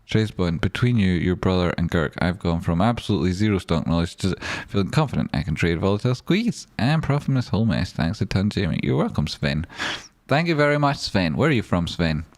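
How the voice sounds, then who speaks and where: Low-voiced man, sweary stream banter. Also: animated, a little fast, few pauses, darkish tone. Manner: chatty, swears often, jokey banter. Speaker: streamer reading live chat. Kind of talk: casual livestream chat.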